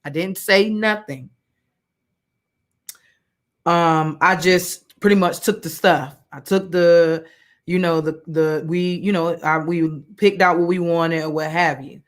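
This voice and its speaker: A woman's voice: lowish voice, fairly even intonation, takes it slowly. A woman teaching a women's Bible study, telling a personal story in a casual sermon full of fillers and restarts. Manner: conversational, many fillers and restarts, colloquial.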